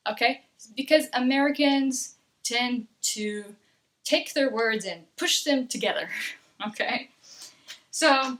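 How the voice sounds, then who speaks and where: A woman's voice: high voice, lively intonation, a bit bright. A woman from Texas, teaching an English pronunciation lesson. She speaks patiently and checks in with "okay?" again and again. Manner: patient, slow, repeats "okay?" often. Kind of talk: accent lesson.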